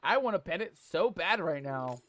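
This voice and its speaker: High-pitched playful pirate-talking male streamer. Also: sing-song, moderate pace. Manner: playful pirate-talk, reads game text aloud; laughs often, exclaims loudly. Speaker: streamer playing a game. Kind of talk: live-stream game commentary.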